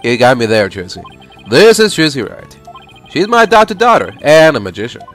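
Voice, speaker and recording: A man voicing a laid-back adult lawyer who runs his agency and talks in a dry, low-key way. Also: very animated, moderate pace, soft background music, natural voice. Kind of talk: fan voice-over of a video game.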